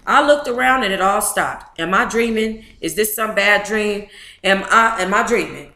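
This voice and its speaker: A woman's voice: medium pitch, normal speed, sharp tone, roomy sound. A woman reading a memoir aloud to a live book club chat, emotive and blunt, with profane asides.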